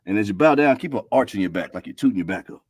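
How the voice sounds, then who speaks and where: A man's voice: fairly low pitch, animated, rapid-fire, darkish tone, breathy edge. A man, a podcast guest talking in an easygoing, instructive way. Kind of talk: casual podcast chat. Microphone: remote live-stream call.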